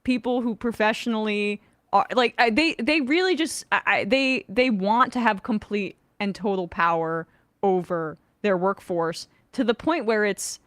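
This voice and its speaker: A woman's voice: medium pitch, unhurried, a bit bright, no room sound. A woman hosting a sports podcast, asking questions in a casual, rambling way and searching for her words. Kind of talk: casual interview chat.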